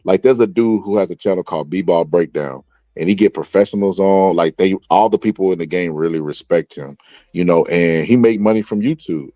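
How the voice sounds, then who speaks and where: A male host of a casual talk show, telling long animated stories full of restarts. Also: sits low, a little fast, no room sound. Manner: animated rambling storyteller, many restarts. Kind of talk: casual podcast chat.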